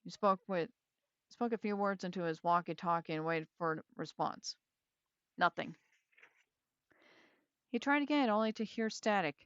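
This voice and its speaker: Woman reading a novel aloud, casual asides; smooth voice, dry close audio. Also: lowish voice, moderate pace, pauses often, a bit bright, no echo, dull audio. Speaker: reader.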